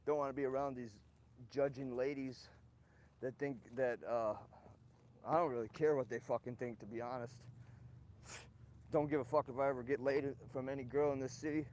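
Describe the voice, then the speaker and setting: A man's voice: medium pitch, steady tone, normal speed, pauses often, darkish tone, a little hiss or hum. Man ranting profanely on a livestream. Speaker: livestream host. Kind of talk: rambling live-stream monologue.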